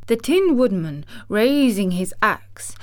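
A woman reading a children's story aloud in a calm, even way. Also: mid-range voice, takes it slowly, no echo, studio quality. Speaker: narrator.

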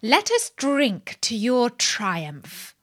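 A woman's voice: fairly high pitch, wildly swooping pitch, drawn-out words, exaggerated voice. A woman reading the lines of the eldest princess, speaking formally. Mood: toasting. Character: eldest princess, stately and scheming.

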